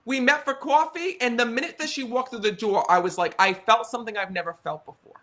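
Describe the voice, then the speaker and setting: A man's voice: very high-pitched, a little fast, bright, forceful tone. A man in his thirties with an American accent, earnestly telling personal stories to a live audience, often checking in with "right?" and "you know.". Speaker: psychic medium guest. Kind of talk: casual storytelling conversation.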